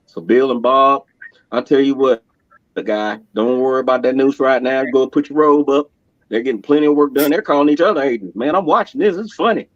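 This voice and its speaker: A man in casual podcast conversation, telling stories animatedly, laughing often and slipping into voices for quotes. His middle-pitched voice comes through a dull, muffled lo-fi recording with a dry, close sound. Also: fairly quick, no room sound. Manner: animated, laughing storyteller who acts out quotes. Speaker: podcast guest.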